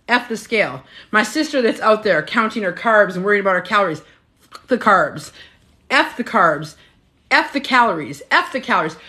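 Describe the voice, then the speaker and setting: A middle-aged woman coach talking live to her viewers, in a voice of middle pitch. She is chatty and emphatic, hammering her points home with repetition and the odd swear word. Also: sharp tone. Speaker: health and weight-loss coach. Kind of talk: motivational live stream talk.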